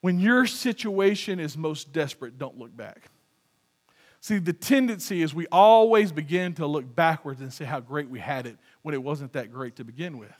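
A man's voice: on the high side, normal speed. A male pastor preaching a sermon in a conversational, humorous way, often laughing at his own jokes.

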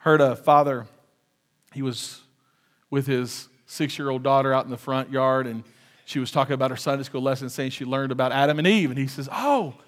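A man preaching a sermon as pastor, animated, with shouted quotes and joking asides. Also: medium pitch, brisk.

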